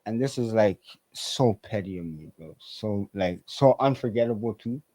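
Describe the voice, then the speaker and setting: A man's voice: fairly low pitch, normal speed, no echo, rough recording. A man, a podcast guest telling stories in a loose, profane way and acting out the people in them. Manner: animated, profane, acts out quoted voices. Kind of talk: casual storytelling.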